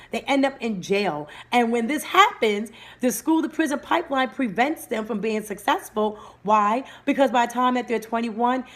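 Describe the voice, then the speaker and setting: A woman hosting a live-streamed motivational talk, speaking energetically and breaking off to greet viewers by name. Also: on the high side. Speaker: livestream host and motivational speaker.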